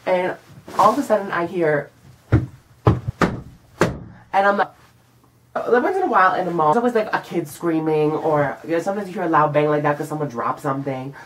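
A young man vlogging a casual storytime monologue, animated and profane, acting out what he said in the moment. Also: fairly high pitch, fairly quick, long pauses, slight background noise, rough recording. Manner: animated and profane, acts out his own lines.

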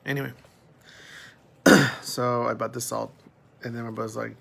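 A man's voice: medium pitch, level tone, moderate pace, vocal fry, long pauses, a bit bright, slight background noise. A young man vlogging at home, chatting casually and rambling about his day and his cat. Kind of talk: casual chat to camera. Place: at home, pet cat nearby.

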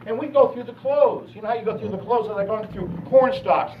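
A man's voice: high voice, brisk, a little hiss or hum. A man pastor preaching a sermon, telling personal stories in a conversational way. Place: church sanctuary. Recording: echoey church hall from a distance, dull.

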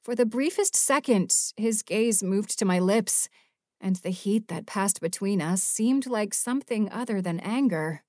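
A woman narrates an audiobook in the first person, reading with expressive emotion. Her voice is mid-range in pitch. The recording is dry and close, with no room sound. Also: measured pace, dry recording.

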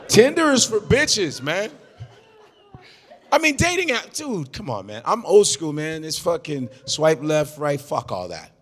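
A man doing improvised stand-up comedy, loud and animated, swearing and shouting his punchlines. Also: a little high, unhurried, long pauses, big-room sound, slight background noise.

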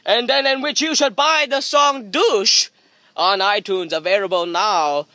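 A man's voice: high-pitched, unhurried, no echo. A man doing a sarcastic, jokey vlog monologue outdoors by a pool, recorded on a phone's front camera. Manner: sarcastic, deadpan jokey self-mockery. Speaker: vlogger. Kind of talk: comedic rambling vlog monologue. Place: outdoors beside a private pool.

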